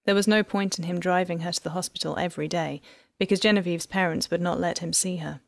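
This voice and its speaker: Lady reading an audiobook, low voice w some fry, dry close mic, steady measured pace. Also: dry recording. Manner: even, measured storytelling. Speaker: audiobook narrator. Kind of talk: scripted narration.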